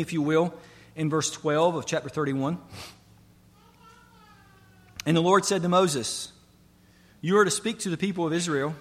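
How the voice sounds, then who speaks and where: Male pastor, sermon delivery, emphatic and repetitive, a little high-pitched, long church reverb. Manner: earnest preaching with rising emphasis and repetition.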